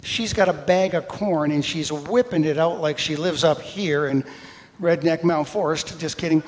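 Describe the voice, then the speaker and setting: A man preaching a sermon, telling personal stories with animated, self-mocking humor and acted-out voices. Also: on the high side, a little slow. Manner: animated storytelling, acting out voices, laughing at himself. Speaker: pastor. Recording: long hall reverb.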